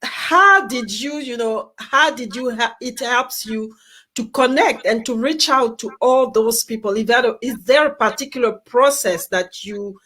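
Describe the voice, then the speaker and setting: A woman hosting an interview asks a long, winding question. Her voice sits a little high. She stops and restarts often while finding her words. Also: a little slow, pushed and bright. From Australia. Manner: hesitant, repeats words while asking. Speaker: interview host.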